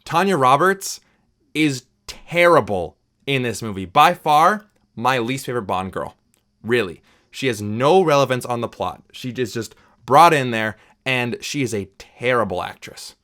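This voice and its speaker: This is a man talking through a film review in a relaxed, conversational way. He sounds opinionated and chatty, often breaking off with asides to the viewer. His voice sits at an ordinary middle pitch. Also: unhurried. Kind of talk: casual spoken film review.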